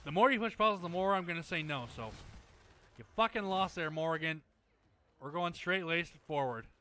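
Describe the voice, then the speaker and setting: A man's voice: fairly high pitch, lively intonation, moderate pace, pushed and bright. A man commenting on his gameplay, irritated and profane, talking back to the characters. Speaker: gamer streamer.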